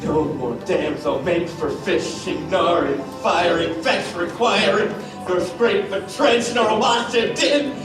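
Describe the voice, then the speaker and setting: A man's voice: sits high, slow. A man playing a fawning, brutish island monster on stage, worshipful and eager, recorded from far off in an echoey hall. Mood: gleeful chant. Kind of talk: live stage acting. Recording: echoey, distant stage mic with music.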